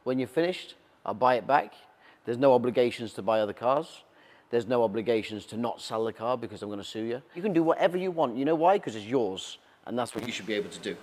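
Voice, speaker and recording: A man giving a confident, persuasive sales pitch as a car dealer. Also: a little mellow.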